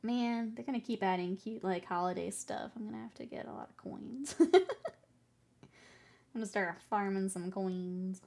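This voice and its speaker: A woman's voice: medium pitch, moderate pace, creaky, a little mellow. Giggly woman streamer chatting casually. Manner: giggly, laughs often between remarks; playful, rambling and self-mocking. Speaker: streamer painting miniatures. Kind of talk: casual chat with viewers.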